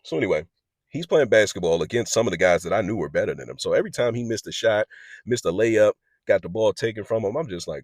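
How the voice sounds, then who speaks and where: A man's voice: deep voice, animated, brisk, breathy edge, no echo, clean studio sound. A man, telling a true story to camera in a blunt, profane way. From Southeast Washington DC. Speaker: juvenile detention worker. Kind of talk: storytime monologue.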